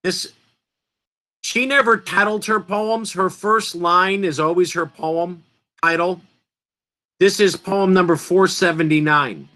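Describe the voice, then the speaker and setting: Male teacher, high voice, unhurried delivery, emphatic, questions the class often. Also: fairly even intonation, bright, forceful tone. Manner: emphatic, asks students questions. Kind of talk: online class lecture.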